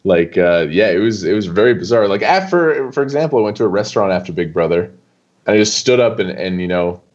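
A young man talking as a guest on an interview show, loose and animated, full of casual fillers. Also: fairly low pitch, fast talker, lo-fi sound. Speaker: poker player guest.

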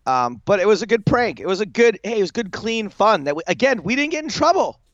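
A man's voice: high-pitched, a little fast, no room sound, lo-fi sound. A man co-hosting a poker podcast in casual chat, telling stories with lots of filler words. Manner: chatty, lots of filler likes, animated retelling. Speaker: poker show co-host.

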